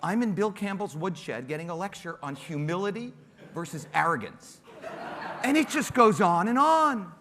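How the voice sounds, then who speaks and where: A man telling an animated, self-mocking story on a panel and acting out the quotes. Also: sits high, normal speed, long reverb tail.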